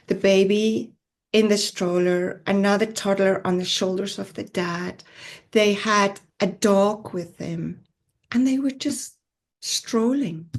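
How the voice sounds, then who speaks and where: A woman from South Africa with a South African accent, a podcast guest telling her own story in an earnest, reflective way, with soft laughs. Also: mid-range voice. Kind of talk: personal storytelling interview.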